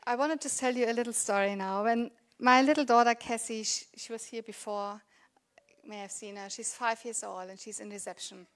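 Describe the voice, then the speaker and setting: Woman preaching in a warm, earnest voice. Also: fairly high pitch, steady tone, brisk. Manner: earnest, conversational preaching with rhetorical questions. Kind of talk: sermon. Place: church.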